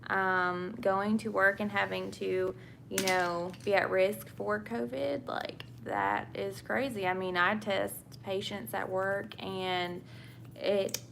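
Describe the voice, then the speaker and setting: A young woman from England with a Southern US accent chats casually with viewers about her nursing work while doing her makeup. Her medium-pitched voice is steady, slow, creaky and a bit bright over slight background noise, and she answers viewer questions with many fillers and restarts.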